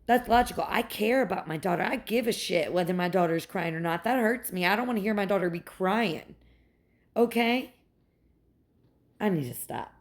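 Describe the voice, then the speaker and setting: A young woman, a mother, in a heated and profane personal rant, sarcastic and quick to mock others. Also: mid-range voice. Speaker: mother venting about her ex's family.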